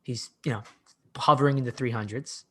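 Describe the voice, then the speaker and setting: A man's voice: medium pitch, a little fast, breathy edge. A man in his forties, a coach and podcast guest, telling stories casually and with animation. He leans heavily on "like" and often restarts his sentences. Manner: animated storyteller, heavy use of "like", frequent restarts. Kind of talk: casual conversational storytelling.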